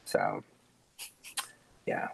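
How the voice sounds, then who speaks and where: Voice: drawn-out words, in a whisper. A podcast co-host joking through a film review and slipping into silly quote voices. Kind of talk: casual film review chat.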